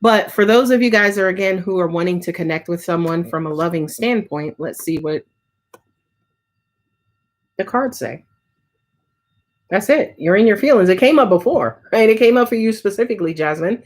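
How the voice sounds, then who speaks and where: A woman's voice: mid-range voice, animated, moderate pace, long pauses. A woman giving a casual live tarot reading, chatty and full of filler words and swearing. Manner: casual, chatty, swears often, frequent "right?" and "um". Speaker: tarot reader.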